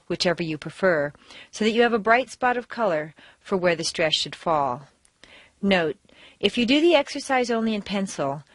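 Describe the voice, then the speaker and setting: American lady reading out pronunciation drills, careful and clear, very bouncy intonation, dry close sound. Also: mid-range voice, no echo. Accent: General American. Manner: clear, deliberate instruction with exaggerated stress demonstrations. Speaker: accent trainer. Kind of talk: recorded language lesson.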